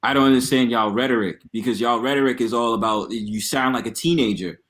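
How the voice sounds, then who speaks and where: A man's voice: medium pitch, fairly quick, a bit bright. Laid-back slangy man. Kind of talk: casual chat.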